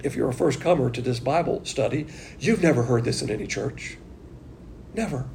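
Gravelly man teaching a Bible study. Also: medium pitch, normal speed, a little mellow, a little hiss or hum. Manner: emphatic, conversational, with rhetorical questions.

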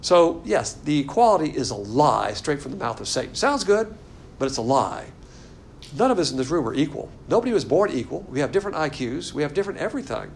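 A man teaching a Bible class in a room, lecturing in a sarcastic, animated and argumentative way. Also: on the high side, brisk, creaky, a little hiss or hum.

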